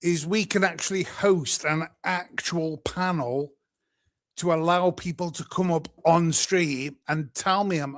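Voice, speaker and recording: A man's voice: on the high side, measured pace. Sweary British man ranting on stream. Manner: angry, sweary, exasperated. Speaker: livestream host. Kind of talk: profane live-stream rant.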